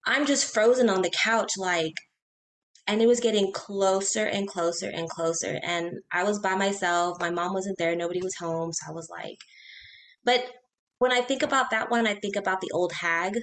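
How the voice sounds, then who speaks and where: A woman casually telling personal ghost stories in a chat, animated, talking in quick bursts and acting out her own reactions. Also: medium pitch.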